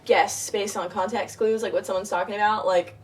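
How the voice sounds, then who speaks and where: A woman's voice: mid-range voice, steady tone, brisk, far from the mic. A woman, a young singer talking as a guest in a playful, laughing interview. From United States. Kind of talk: casual interview chat.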